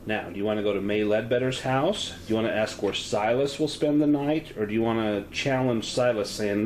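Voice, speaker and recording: A man's voice: fairly quick, hardly any pauses, background noise. A man running a solo tabletop horror game, narrating the scene in detail and offering choices to a player. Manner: descriptive, with lively pitch, offering choices. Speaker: game master.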